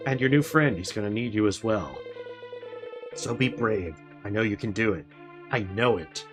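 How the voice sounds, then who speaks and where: A man voicing a gentle father encouraging his grown daughter, reassuring in manner, over game music. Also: medium pitch, expressive, moderate pace, natural voice.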